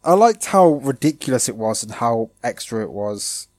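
A man's voice: mid-range voice, very animated, normal speed, darkish tone, no echo. A man co-hosting a casual podcast, chatty and playful, often slipping into silly put-on voices. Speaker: podcast co-host. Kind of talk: casual chat.

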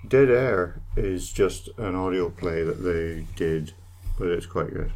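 Deep gravelly teasing man. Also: takes it slowly, a little mellow. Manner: teasing, laughs often. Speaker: podcast co-host. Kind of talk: casual chat.

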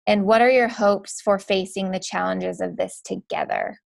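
A woman interviewer asking gentle, sympathetic questions. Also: mid-range voice, steady tone, moderate pace, vocal fry.

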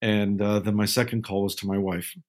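Low-voiced older man telling stories. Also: level tone. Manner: measured anecdotal delivery with frequent "uh" fillers. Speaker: guest historical film advisor. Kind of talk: casual storytelling interview.

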